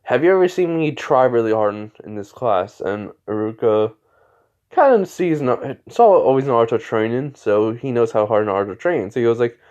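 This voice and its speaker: A man telling a homemade fan story off the cuff, in a loose, rambling way full of fillers and restarts. His voice sits at an ordinary middle pitch for a man. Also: expressive, moderate pace, a little mellow, clear, resonant tone, dull audio. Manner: rambling, casual, many fillers. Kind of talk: improvised fan-fiction narration.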